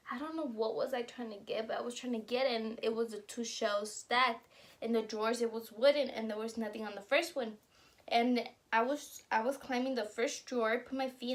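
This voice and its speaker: A woman's voice: fairly high pitch, fairly bright tone. A young woman casually telling stories to camera while eating, chatty and laughing along as she talks. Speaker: vlogger.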